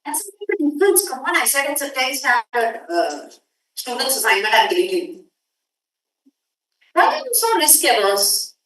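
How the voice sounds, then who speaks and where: A woman teaching a workshop, lecturing students and briskly telling them to hurry up. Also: sits high, wildly swooping pitch, a bit bright. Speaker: workshop instructor. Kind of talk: classroom lecture. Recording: echoey room audio from far off.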